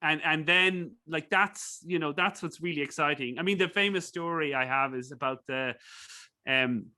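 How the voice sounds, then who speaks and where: A man's voice: a little high, normal speed, bright, forceful tone. A man with an Irish accent, a guest in a casual interview, rambling through stories with many fillers and restarts. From Ireland. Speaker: guest, business professor.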